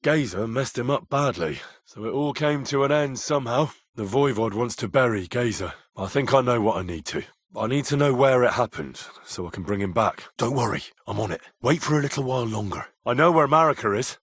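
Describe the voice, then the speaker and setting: Hot-tempered young medieval blacksmith's son for a game; husky, dry studio read. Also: male voice, medium pitch, expressive, a little fast, a bit bright, no echo. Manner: swears in anger, blunt and wry. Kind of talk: video game voice lines.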